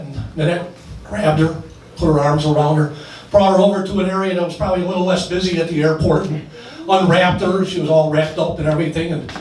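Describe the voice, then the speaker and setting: A man in his sixties gives a wedding toast as the father of the bride, cracking jokes and choking up along the way. His voice sits high for a man. It is picked up from a distance in a very echoey reception hall with noise behind him. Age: 60s. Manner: joking, emotional, chokes up. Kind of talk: wedding speech.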